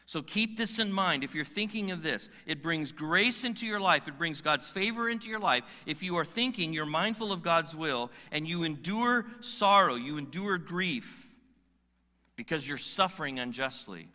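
Emphatic preacher in a reverberant hall. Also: male voice, fairly high pitch, lively intonation, sharp tone. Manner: emphatic, rhetorical questions, drawn-out stressed words. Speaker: pastor. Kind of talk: sermon. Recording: long reverb of a large hall.

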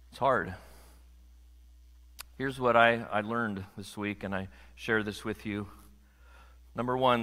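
A middle-aged American man preaching a lively sermon as pastor, building to loud emphatic peaks and joking with the congregation. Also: medium pitch, long reverb tail. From United States.

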